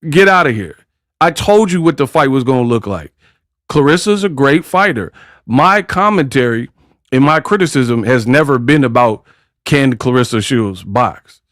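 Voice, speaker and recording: A man's voice: medium pitch, expressive, normal speed, a bit bright, dry recording. Brash, trash-talking man on a dry mic. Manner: brash, slangy trash talk. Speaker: boxing commentary channel host. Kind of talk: casual commentary vlog.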